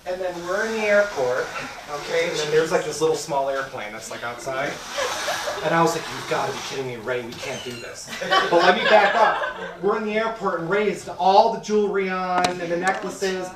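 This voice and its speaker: A man speaking at a memorial service, telling a lively story with laughter. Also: high-pitched, brisk. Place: congregation hall. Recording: echoey room from far off, noisy.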